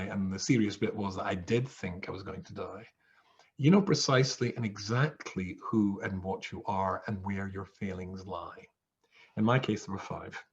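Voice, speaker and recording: Lively man telling a comic story. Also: on the low side, muffled recording. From England. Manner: comic storytelling, acting out quoted voices. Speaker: rabbi. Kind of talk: humorous storytelling talk. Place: home, over a video call. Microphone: video call mic.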